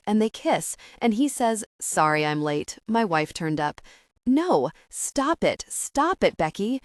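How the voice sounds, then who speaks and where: A woman narrating a first-person comedy audiobook in an expressive, anxious way. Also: mid-range voice, no echo, studio quality.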